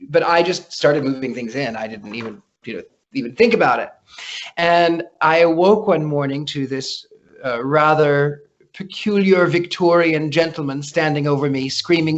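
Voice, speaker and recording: A man's voice: on the high side, normal speed, dull audio. A man talking as a guest psychic in a casual interview, telling stories with lots of restarts over a remote call. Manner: chatty storyteller, frequent restarts.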